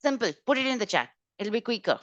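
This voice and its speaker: A woman teaching French vocabulary in an online exam-prep class, brisk and corrective, often repeating key points. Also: on the high side, very animated, no echo, muffled recording. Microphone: video call.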